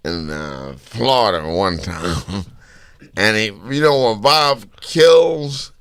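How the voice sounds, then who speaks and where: Slow-talking bright-voiced man. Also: lowish voice, lively intonation, smooth, no room sound. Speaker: guest comedian. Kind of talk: casual storytelling chat.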